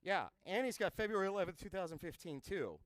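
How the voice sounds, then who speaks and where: A man's voice: sits high, expressive, fast, noisy background. A man hosting a live-streamed trivia game, chatty and wisecracking, with a self-mocking streak. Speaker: trivia host.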